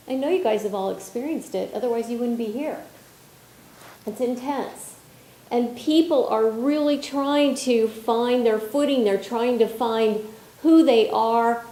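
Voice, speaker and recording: Animated woman speaking in an echoey hall. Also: fairly high pitch. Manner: animated and expressive, with frequent restarts and filler phrases. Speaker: workshop leader and spiritual healer. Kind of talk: conversational workshop talk. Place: conference hall. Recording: roomy conference hall echo.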